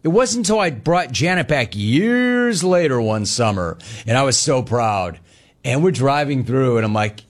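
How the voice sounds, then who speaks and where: Hosting sports talk radio, this man in his fifties has a voice on the high side and a moderate pace. He tells stories animatedly in a wry, conversational monologue.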